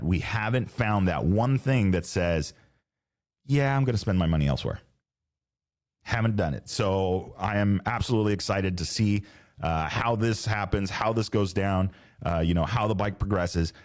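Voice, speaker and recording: Podcast host, man, middle-aged, very low voice; casual, rambling, slangy, restarts sentences. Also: darkish tone. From Southern California. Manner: rambling, self-correcting, laid-back slang. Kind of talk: casual solo podcast chat. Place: home podcast studio.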